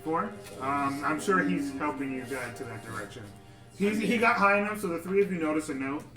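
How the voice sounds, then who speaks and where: A man's voice: a little high, animated, fairly quick. A young man narrating as game master, casual and laughing as he banters with players. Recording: echoey room with music behind.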